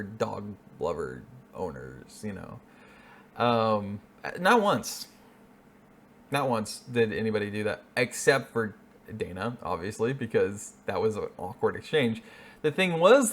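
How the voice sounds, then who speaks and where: A man hosting a reaction video, talking in a casual, rambling way with plenty of swearing. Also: mid-range voice. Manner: rambling, profane, laughs at his own jokes.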